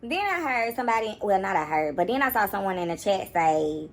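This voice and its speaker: A young woman, giving sassy, animated reaction commentary. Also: mid-range voice, brisk. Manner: sassy, animated, mocking voices at times. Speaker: commentary YouTuber.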